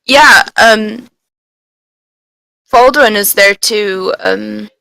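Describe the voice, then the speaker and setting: Hesitant gravelly woman player. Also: mid-range voice, very slow, bright, forceful tone, no echo, rough recording. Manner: hesitant, full of ums. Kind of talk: casual tabletop play.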